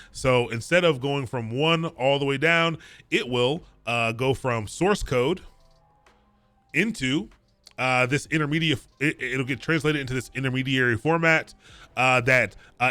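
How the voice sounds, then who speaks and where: Young guy from the dc area teaching code on a live stream, bright voice, dry close sound, patient and reassuring. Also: mid-range voice, no room sound. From Prince George's County, near Washington DC. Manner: explains step by step, reassuring, answers chat. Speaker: coding bootcamp instructor.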